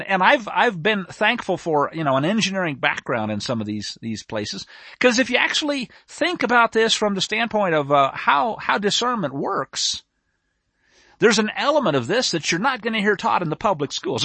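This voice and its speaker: A male preacher giving an animated, emphatic sermon on a scripture story, with a self-described nerdy bent. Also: high-pitched, normal speed, no room sound.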